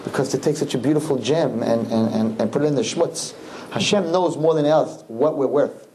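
A man, a rabbi, telling his students a story in an animated, repetitive way, with Hebrew and Yiddish words mixed in. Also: medium pitch, normal speed, slight background noise, poor audio. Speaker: rabbi teaching a class.

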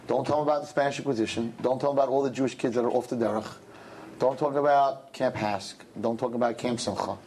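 A man giving a Jewish sermon and telling a parable, dramatic and swinging from low murmurs to high shouts. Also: slight background noise. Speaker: Jewish speaker.

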